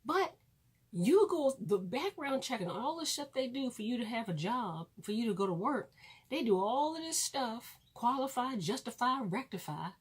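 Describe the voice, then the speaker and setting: A woman's voice: a little high, sing-song, moderate pace, slightly rough. A woman ranting on her vlog, blunt and preachy, swearing freely and repeating lines for emphasis. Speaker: vlogger.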